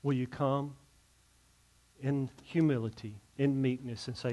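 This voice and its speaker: A man's voice: medium pitch, steady tone, measured pace, long pauses, dark tone. A male pastor, preaching a sermon and leading an invitation, earnest and emphatic, often repeating words as he builds.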